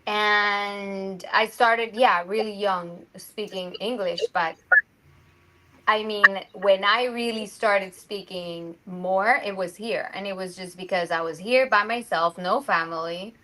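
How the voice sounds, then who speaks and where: A woman's voice: mid-range voice, slow, poor audio. A woman from Mexico, an actress chatting as an interview guest and acting out the people she quotes. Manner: animated, acts out quoted voices. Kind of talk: casual interview chat.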